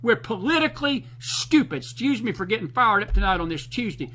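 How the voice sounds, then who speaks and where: A man's voice: sits high, very animated, brisk, few pauses, bright, forceful tone, low-quality recording. A man hosting a talk show, delivering fired-up political commentary in a folksy, preachy, emphatic way.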